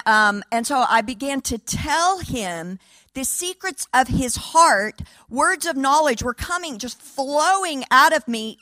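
A woman preacher tells a testimony in an animated storytelling sermon, acting out each exchange and laughing between lines. Her voice sits a little high. The sound is dry and close. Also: dry recording. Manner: animated, laughing, quoting dialogue.

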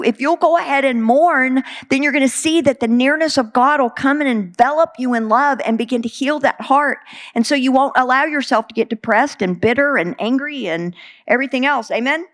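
A woman's voice: high-pitched, fairly bright tone. Earnest woman preaching a sermon. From Texas. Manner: earnest and conversational, with many "you know" fillers.

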